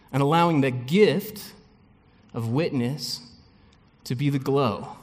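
A pastor with a middle-pitched male voice gives a relaxed, chatty sermon, animated and conversational, with frequent asides to the congregation and light laughs. Long reverb from a church hall surrounds the sound.

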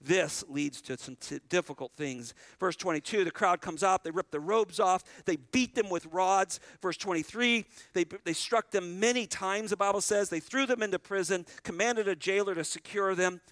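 A man's voice: high voice, fairly bright tone, dry recording. A man preaching a sermon as pastor, talking straight to the congregation and retelling scripture in an earnest, conversational way. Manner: addresses the congregation directly.

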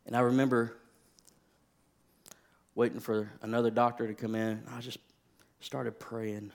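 A man in his thirties, a pastor, telling a personal story in a sermon, shifting from hushed, quiet stretches to rising, impassioned preaching. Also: on the low side, completely flat delivery, measured pace, pauses often.

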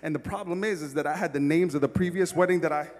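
A man preaching a sermon as pastor, moving from quiet reflection to loud, excited storytelling. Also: fairly high pitch, quick pace, in a large hall.

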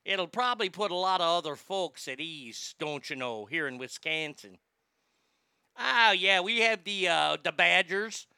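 A cheerful small-town local, as a man puts him on, rattling on in a broad lilt. The voice sits high and gravelly. It sounds bright and close, with no room around it. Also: lively intonation, a little slow, no room sound, exaggerated voice. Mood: folksy cheerful. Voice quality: chatty, folksy. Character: cheerful folksy Midwestern local man, sports fan.

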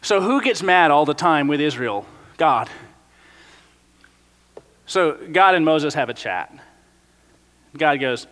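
Brief: young male pastor, high bright voice, hall reverb, chatty sermon style. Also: slow, long pauses. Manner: casual, animated storytelling with frequent "like".

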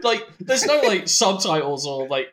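A man co-hosting a podcast in casual chat, animated and sweary, often laughing. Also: sits high, normal speed. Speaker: podcast co-host.

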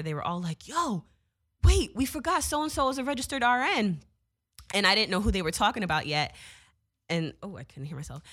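A young woman casually telling a story, animated, swearing freely with lots of fillers. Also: on the low side.

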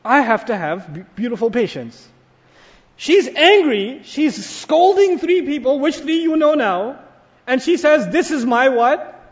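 A man preaching a sermon to a packed mosque audience, animated, asking the crowd questions and acting out quoted lines. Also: very high-pitched, unhurried. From United States. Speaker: Islamic scholar and preacher. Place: large mosque hall. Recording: dull, lo-fi live recording in a reverberant hall.

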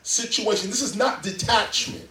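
A man speaking as a guest before a live audience in a library, lecturing in an animated, emphatic way. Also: high-pitched, normal speed. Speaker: interview guest. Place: public library event room. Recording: roomy, distant mic.

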